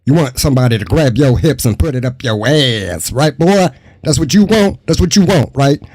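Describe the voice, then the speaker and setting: A man putting on the voice of a crude, menacing adult tough guy, loud and taunting. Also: medium pitch, expressive, normal speed, dry recording, clean studio sound.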